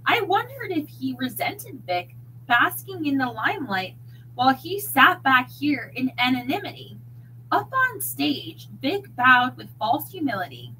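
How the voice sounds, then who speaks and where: A woman reading a mystery novel aloud in an expressive, dramatic way. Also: high voice, unhurried, slight background noise, poor audio. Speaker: narrator.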